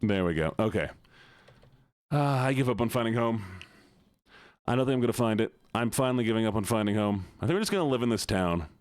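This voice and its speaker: A man's voice: on the low side, expressive, fairly quick, no echo, studio quality. A man streaming games and chatting casually with his viewers in a laid-back, teasing way. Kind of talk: casual chat with viewers while gaming.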